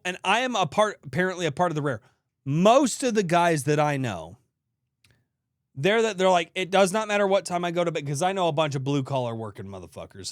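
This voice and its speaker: Man, thirties, high voice, dry close mic, animated, swears a lot, podcast co-host. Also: no room sound. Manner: animated, swearing, acts out his own grumbling. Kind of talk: casual comedic storytelling.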